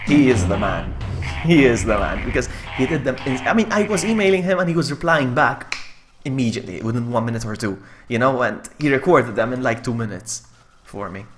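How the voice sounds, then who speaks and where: A man streaming a game live, commentating casually, laughing often and yelling when the game beats him. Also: mid-range voice, brisk. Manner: excitable, laughs often, yells in frustration. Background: game music.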